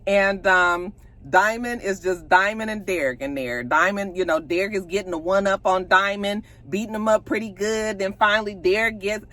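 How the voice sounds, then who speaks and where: A woman's voice: medium pitch, moderate pace, fairly bright tone. A woman, casually retelling a TV episode and acting out the characters' lines. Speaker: TV show recapper.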